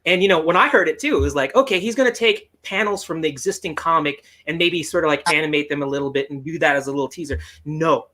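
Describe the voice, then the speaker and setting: A male podcast host with a high, bright and sharp voice. He talks in a lively, joking way and laughs often. He sounds like he is on a video call. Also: fast talker, hardly any pauses. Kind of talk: casual chat over video call.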